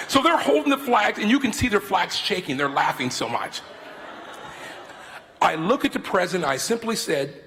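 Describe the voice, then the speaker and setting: A man in his fifties preaches as a guest speaker, his high voice swooping widely as he acts out his stories. His delivery is animated and theatrical. The sound carries the long reverb of a large hall. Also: moderate pace, creaky, noisy background. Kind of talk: sermon with storytelling. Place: large university worship hall.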